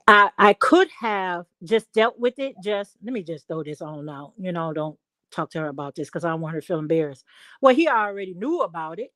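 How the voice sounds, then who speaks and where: A middle-aged woman on a call-in talk show, telling a story at length in an emphatic, animated way. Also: medium pitch, dry recording. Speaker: guest. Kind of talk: casual chat.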